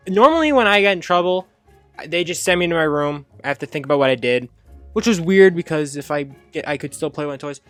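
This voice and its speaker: Man, casual storytime narration, rambling and self-correcting, high excited jumps when quoting himself as a kid, fairly high voice. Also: no room sound. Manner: animated, acts out his childhood self with sudden high excited jumps. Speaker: storyteller host.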